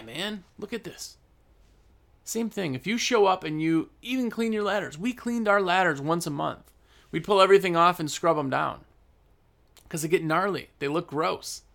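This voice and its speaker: Blunt gravelly guy talking shop about first impressions, kinda high voice, leans hard on key words. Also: fairly bright tone. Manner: blunt, emphatic, slows down to stress points. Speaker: business owner. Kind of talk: casual business advice talk.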